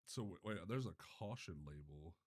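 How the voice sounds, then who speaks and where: A man's voice: low voice, animated, normal speed, darkish tone. A young man hosting a casual live stream, flustered and swearing while he fixes his chat setup. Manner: flustered, swearing, restarts often. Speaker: livestreamer.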